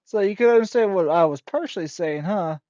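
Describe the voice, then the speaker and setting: A man with a slightly higher voice rambles and jokes his way through a casual gaming session, often laughing at his own jokes. The sound is dull and lo-fi with a very dry, close mic. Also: animated, brisk, darkish tone, dry recording. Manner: joking, giggly, rambling. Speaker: let's play host.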